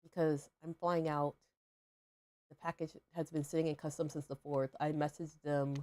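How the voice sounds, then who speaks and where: A young woman with a low, mellow voice talks casually to her stream while playing. She rambles, fills gaps with "like" and "um", and questions herself along the way. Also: little pitch movement, normal speed. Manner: rambling, filler-heavy, self-questioning. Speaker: livestream host. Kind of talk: casual chat while gaming.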